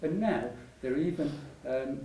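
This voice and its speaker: A man's voice: on the high side, animated, measured pace, dark tone. An older man gives a rambling, anecdotal talk, full of restarts and laughter. His voice carries through a reverberant room, picked up from some distance off, with faint ambient noise behind. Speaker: patient speaker at a public talk. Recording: echoey hall, mic at a distance.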